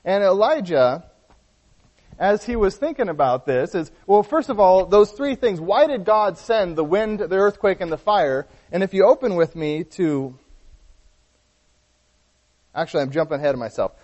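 A man with a fairly high voice preaches a sermon, explaining a Bible passage earnestly and often stopping to rephrase. His words ring out in a church hall with a long reverb. The recording is dull and lo-fi. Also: animated, normal speed, darkish tone. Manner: earnest Bible teaching with frequent restarts.

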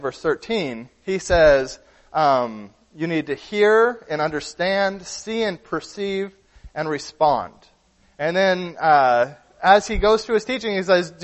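A man with a high voice delivers a sermon, earnest and searching, often stopping to restart a sentence. His words carry a long reverb, as if spoken in a large hall. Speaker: preacher.

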